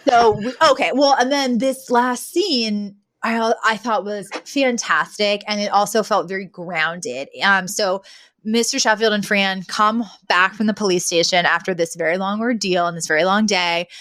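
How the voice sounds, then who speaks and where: A woman co-hosts a podcast and recaps episodes in a chatty, animated way, often slipping into the characters' lines. Her voice sits at an ordinary pitch for a woman. The sound is close and dry, with almost no room. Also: moderate pace, no echo. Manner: animated retelling, acts out quoted lines. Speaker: podcast co-host. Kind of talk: casual episode recap chat.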